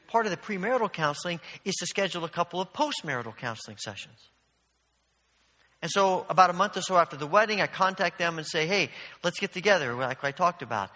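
A man's voice: high voice, sharp tone, big-room sound. A man preaching a sermon as pastor, earnest and storytelling, often restarting his phrases.

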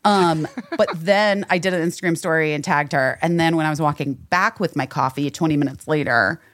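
A woman's voice: low-pitched, a little fast, no room sound. A woman co-hosting a podcast, telling stories in a casual chat and acting out other people's voices. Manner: animated storytelling, acts out others' voices. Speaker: podcast co-host.

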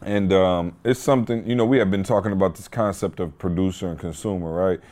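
Animated laughing male podcast host. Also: deep voice, a little fast. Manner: animated storyteller, laughs often. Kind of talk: casual podcast chat.

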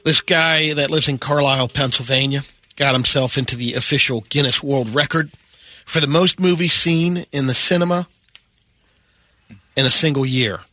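Man, radio co-host, bright voice, slightly high pitch, dry studio sound, casual story reading. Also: moderate pace, dry recording. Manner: reads out news stories casually. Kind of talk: morning radio banter.

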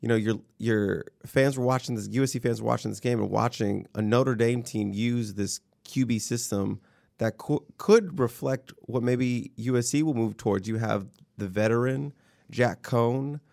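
A man co-hosting a sports podcast with a worn-out, hoarse voice and a flat, low-energy delivery. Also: normal speed. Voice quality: gravelly. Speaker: podcast co-host. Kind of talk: casual sports chat.

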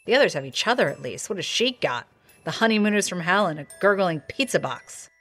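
A woman's voice: fairly low pitch, sing-song, a little fast, fairly bright tone, faint music behind. A woman voicing a hungover, wisecracking observer with a dry, sardonic manner. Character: wry, hungover woman watching over others.

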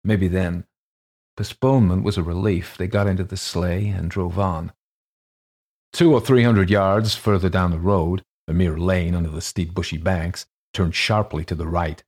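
Deep husky-voiced male story narrator. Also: a little mellow. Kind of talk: audiobook reading of a ghost story.

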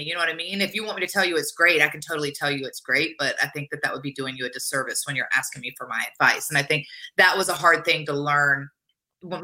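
A woman's voice: low voice, pushed and bright. A middle-aged woman guest speaking frankly in a rambling, casual way with many fillers. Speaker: guest, wrestler. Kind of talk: casual interview chat.

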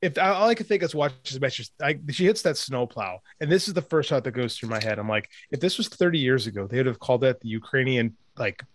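A man's voice: medium pitch, animated, a little fast, hardly any pauses, a little hiss or hum. A man co-hosting a casual podcast, making blunt, wry, opinionated asides. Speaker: podcast co-host. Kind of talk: casual chat.

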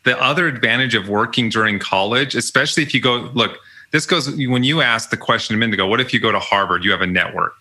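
A man's voice: mid-range voice, fast talker, hardly any pauses, sharp tone. A young man telling stories about his college jobs in a casual, chatty way, often laughing. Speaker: podcast guest. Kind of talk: casual storytelling interview.

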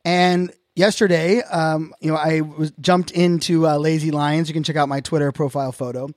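A man with a notably high voice delivers a casual podcast monologue. He speaks earnestly and reflectively, often restarting his sentences as he thinks aloud. The sound is dry and close, with no room echo. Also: fairly even intonation, normal speed. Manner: earnest, openly reflective, talks in loose restarts. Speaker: podcast host.

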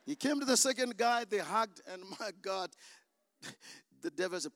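A man pastor preaching a sermon, telling a story dramatically, acting out the voices and bursting into shouts. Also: high voice, sing-song, moderate pace, no echo.

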